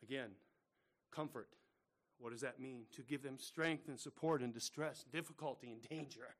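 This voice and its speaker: A man's voice: mid-range voice, moderate pace, a bit bright. A middle-aged male pastor preaching a sermon, earnest and full of rhetorical questions, calling his listeners brethren.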